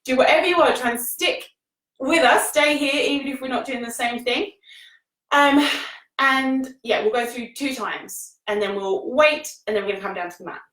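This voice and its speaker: A woman's voice: sits high, normal speed, fairly bright tone. A woman leading a live-streamed yoga class, cueing breaths and poses in an encouraging, casual way while exercising and a little out of breath. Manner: encouraging, laughs often, casual British phrasing. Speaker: yoga teacher. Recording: echoey room, voice from the mic's distance.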